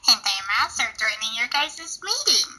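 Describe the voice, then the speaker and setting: A woman's voice: a little high, sing-song, moderate pace, bright, forceful tone, exaggerated voice. A woman voicing a small, hyper male mushroom character who giggles and jitters. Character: hyper little male mushroom sidekick on coffee.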